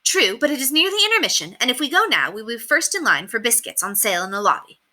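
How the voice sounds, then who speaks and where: Proper storybook governess, raised and crisp, brisk orders, played by a woman. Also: on the high side, sing-song, sharp tone, voice pushed up, full character voice. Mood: urgent. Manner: crisp, commanding. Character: proper, urgent young governess.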